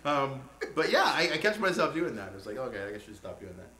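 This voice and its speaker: A man's voice: medium pitch, sing-song, fast, pushed and bright, reverberant. A man chatting casually between songs, rambling and laughing often. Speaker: singer.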